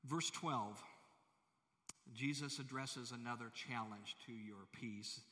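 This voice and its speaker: A man's voice: medium pitch, slow, pushed and bright. A male pastor preaching a sermon in a large church, emphatic and full of rhetorical questions to the congregation. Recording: long hall reverb.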